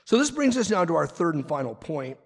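A man preaching a sermon as pastor, animated and quick with asides and acted-out quotes. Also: on the high side. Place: church sanctuary. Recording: long reverb of a large hall.

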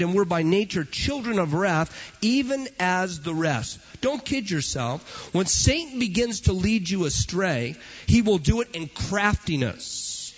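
A male preacher delivers an emphatic sermon in a high, husky voice that rises and falls dramatically. He hammers his points with repeated phrases. The recording sounds dull and lo-fi.

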